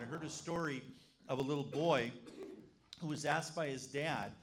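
A man's voice: mid-range voice, moderate pace, a crowd in the background. A man, a pastor, preaching a sermon to his congregation, telling stories and asking the room questions. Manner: animated storytelling, asks the congregation questions. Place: church service.

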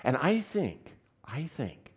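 Lively man preaching a sermon. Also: medium pitch, slow, husky. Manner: animated, swings between loud exclamations and hushed asides; asks the audience questions often. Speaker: pastor. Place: church.

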